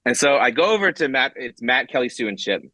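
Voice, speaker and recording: Here a fast-talking man with a mid-range voice, heard without any room sound, is interviewed as a guest comic writer. His storytelling is casual and animated, packed with fillers, restarts, and quotes he acts out.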